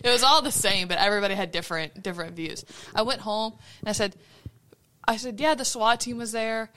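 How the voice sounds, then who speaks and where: A woman's voice: medium pitch, a little fast, bright, forceful tone, low-quality recording. A woman co-hosting a podcast, recounting events in casual chat and laughing as she talks. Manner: chatty, laughs while recounting. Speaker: podcast co-host.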